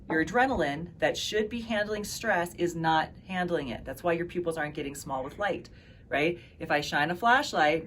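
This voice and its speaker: Low-pitched woman, chatty health practitioner talking straight to camera, faint background hum. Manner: conversational, chatty, asks "right?" and "okay?" often. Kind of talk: casual health talk to camera.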